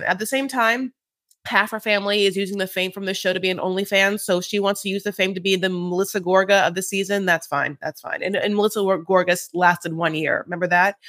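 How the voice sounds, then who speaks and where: A man's voice: high voice, fairly bright tone, dry recording, clean studio sound. A man co-hosting a podcast, recapping reality TV in a campy, sassy, gossipy way. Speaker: podcast co-host. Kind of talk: casual reality TV recap chat.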